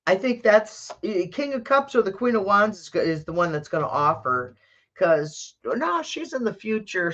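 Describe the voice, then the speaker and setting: A woman's voice: medium pitch, fairly bright tone, muffled recording. A woman doing a live tarot reading, chatting casually and thinking aloud as she corrects herself. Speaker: tarot reader.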